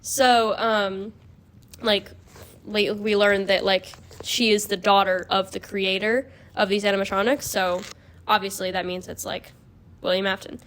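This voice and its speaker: A woman's voice: medium pitch, fairly even intonation, measured pace, fairly bright tone. A young woman hosting a podcast, explaining in a rambling, casual way full of "like". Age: young adult. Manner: rambling, peppered with 'like'. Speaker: podcast host. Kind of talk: casual chat.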